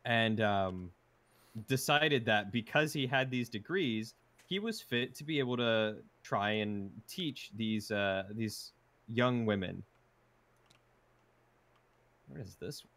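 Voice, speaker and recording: A man chatting casually about a film he just watched while doing a jigsaw puzzle with a friend, recounting scenes in a relaxed way. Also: on the low side, slow pace, long pauses. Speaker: co-host.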